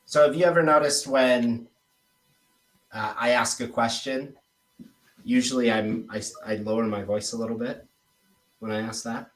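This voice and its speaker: A man talking through sales scripts with a trainee in a relaxed, conversational way. He speaks at an ordinary middle pitch. The recording sounds roomy, with a noticeable echo. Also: moderate pace, long pauses, distant mic. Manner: relaxed, demonstrates tone with example phrases. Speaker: sales coach. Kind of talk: casual one-on-one coaching.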